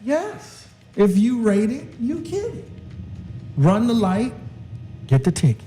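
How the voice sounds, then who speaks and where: A middle-aged man co-hosting a casual chat show, animated and joking, acting out quotes. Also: high-pitched, slow pace, a little hiss or hum, low-quality recording. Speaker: co-host.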